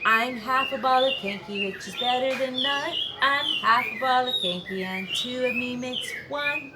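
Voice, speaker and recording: A woman voicing a brave female half ball of kenki, calm and defiant. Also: mid-range voice, normal speed, heavy background noise, close to an everyday voice.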